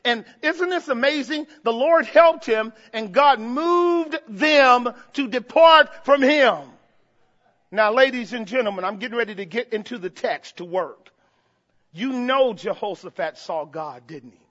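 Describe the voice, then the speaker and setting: Male preacher, very high and bright voice, impassioned, swings from hushed to shouting; dull echoing church hall. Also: a little slow. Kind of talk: sermon.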